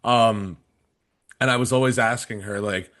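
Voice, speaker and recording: A man's voice: lowish voice, steady tone, unhurried, fairly bright tone. A man in his twenties casually telling a story on a podcast, rambling with many fillers and restarts. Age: 20s. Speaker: podcast panelist.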